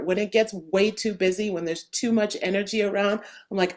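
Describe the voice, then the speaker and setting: A woman hosting a podcast interview, talking in an enthusiastic, animated way with lots of fillers and restarts. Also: medium pitch, normal speed, few pauses, slight background noise. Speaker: podcast host. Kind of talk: casual interview chat.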